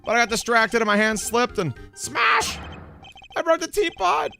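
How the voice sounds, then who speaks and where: A whiny, melodramatic young artist, as a man puts him on, his voice pushed high and swooping all over as he pleads. Overblown and goofy, he begs like a game character, with soft music in the background. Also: sing-song, moderate pace, gravelly, full character voice.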